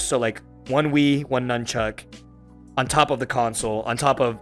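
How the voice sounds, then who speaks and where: A man's voice: medium pitch, fairly even intonation, normal speed, soft background music. A man in his twenties from Florida hosting a podcast, telling a long, rambling story full of swearing and fillers. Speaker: podcast host. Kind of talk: casual chat.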